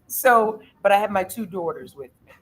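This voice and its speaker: A woman's voice: mid-range voice, normal speed, breathy edge, poor audio. Middle-aged woman w/ telling a story, gets emotional, acts out the voices. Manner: emotional, animated retelling with quoted voices. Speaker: host. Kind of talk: casual storytelling chat.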